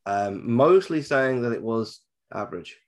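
A man's voice: mid-range voice, lively intonation, unhurried. Chatty man co-hosting a podcast. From southern England. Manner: chatty, jokey, repeats himself when restarting. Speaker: podcast co-host. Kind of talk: casual chat.

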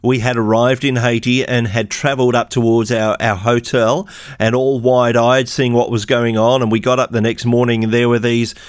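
A man, a radio presenter recalling a trip in a measured, reflective way and asking his co-hosts questions. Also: mid-range voice, little pitch movement, clear, resonant tone, dry recording, clean studio sound. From Australia. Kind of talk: conversational podcast reminiscing.

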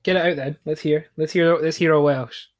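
A man's voice: a little high, fairly even intonation, fairly quick. A man in casual chat who asks teasing questions.

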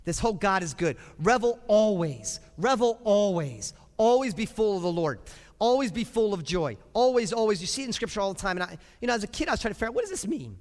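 A middle-aged man preaching a sermon as pastor, emphatic, repeating phrases and breaking into loud cheers. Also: high-pitched, expressive, racing. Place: church sanctuary. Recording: long reverb of a church hall.

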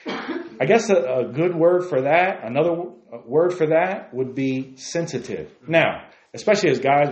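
Conversational pastor preaching in an echoey church. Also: male voice, on the high side, expressive, moderate pace, muffled recording. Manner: conversational, asks the congregation questions. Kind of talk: sermon.

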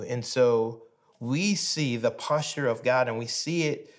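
A man in his thirties giving a sermon as a pastor, telling a family story and moving from hushed, soft moments to animated ones. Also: medium pitch, slow pace.

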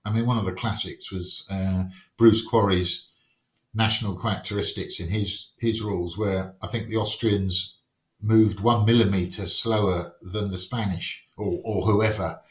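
A man's voice: on the low side, fairly even intonation, a little slow. A man talking casually as a podcast guest, wry and full of anecdotes, often acting out little quotes. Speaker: wargames rules writer, podcast guest. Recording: roomy echo.

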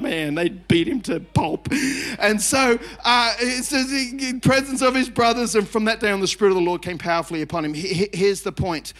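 A middle-aged pastor with a high voice preaches with great energy, climbing to shouted emphasis and then dropping low. He talks in a chatty, self-mocking way and repeats phrases for effect. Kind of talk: energetic sermon.

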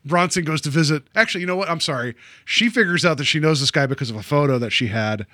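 A man with a fairly high voice rambles through a movie recap in casual podcast chat. He keeps it loose, full of fillers, asides and quick laughs. The sound is dry and close to the mic. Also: pushed and bright, no echo. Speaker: podcast co-host.

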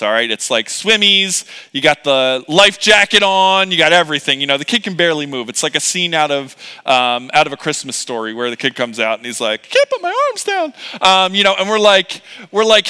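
A middle-aged male pastor gives a sermon in a loose, chatty, joking manner, full of fillers and asides. His voice sits a bit high and sounds bright and forceful. It rings out with the long reverb of a big church hall. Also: clear, resonant tone. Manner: casual, joking, conversational preaching with many fillers.

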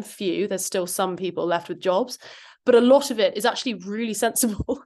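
A woman hosting a legal podcast, introducing segments in a brisk, lightly joking way. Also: mid-range voice. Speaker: podcast host. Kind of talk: casual chat.

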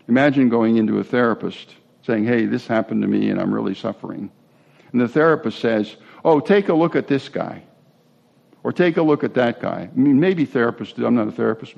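Gravelly man preaching a casual sermon. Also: medium pitch, lo-fi sound. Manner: conversational preaching with asides and restarts. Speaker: pastor.

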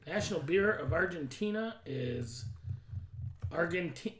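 A man's voice: on the high side, animated, a little slow, a little hiss or hum. A man co-hosting a podcast in casual, crude, joking banter with a friend. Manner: joking, crude, talks over others. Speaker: podcast co-host.

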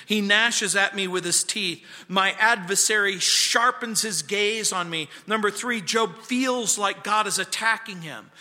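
A pastor teaching verse by verse through a Bible book, earnest, sometimes dropping his voice to a hush. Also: sits high. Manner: earnest, drops to a hushed voice at times. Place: church sanctuary. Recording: church hall reverb.

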